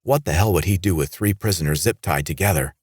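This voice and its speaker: A man narrating a horror audiobook in a steady, even read. His voice is deep and low. The recording is close and dry, with no room around it. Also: fast, husky, no room sound.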